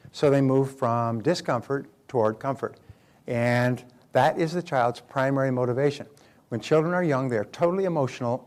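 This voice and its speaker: A man's voice: medium pitch, darkish tone. Man from North America, motivational seminar speaker, mid-range voice, anecdotal, repeats key lines, acts out quotes. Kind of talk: seminar talk.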